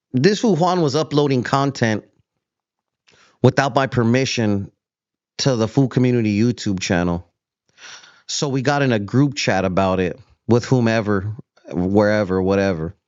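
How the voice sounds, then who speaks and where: A man's voice: fairly low pitch, unhurried, pauses often, darkish tone, clean tone, no room sound, lo-fi sound. A host on a confrontational callout rant, taunting his target and calling him fool again and again. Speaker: show host.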